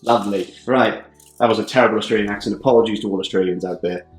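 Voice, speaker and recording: A man's voice: fairly low pitch, racing. A man hosting a tabletop battle report, chatting casually and laughing often. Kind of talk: casual game commentary. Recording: roomy studio echo.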